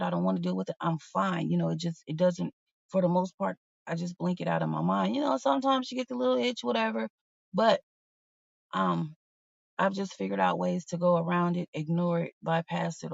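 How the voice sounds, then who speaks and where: A woman's voice: on the low side, fairly even intonation, a little fast, creaky, no room sound. A woman hosting a livestream, talking candidly and bluntly in a rambling, casual way to her viewers. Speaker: livestream host. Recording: dull, slightly lo-fi sound.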